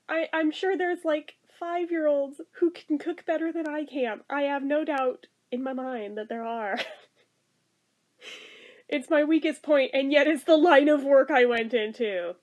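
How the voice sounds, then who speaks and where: Chatty high-voiced woman vlogger. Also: moderate pace, darkish tone. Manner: chatty, self-deprecating, giggly. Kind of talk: casual chat.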